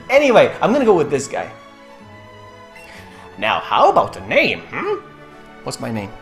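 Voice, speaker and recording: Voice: medium pitch, huge pitch swings, a little slow, roomy sound, faint music behind. A game streamer chatting casually on a live stream, giggly and greeting viewers by name.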